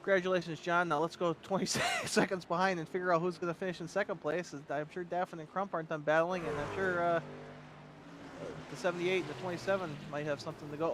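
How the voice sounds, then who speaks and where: A man offers joking, excitable color commentary on a race, talking very fast. His voice is a little high. Steady background noise sits clearly under the recording. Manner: joking, rapid, excitable banter.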